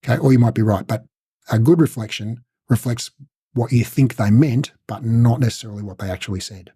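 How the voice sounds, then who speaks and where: A man's voice: mid-range voice, brisk, warm tone, husky, dry recording, clean studio sound. A man teaching a casual recorded lesson, talking conversationally and acting out short coach and client exchanges. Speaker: instructor.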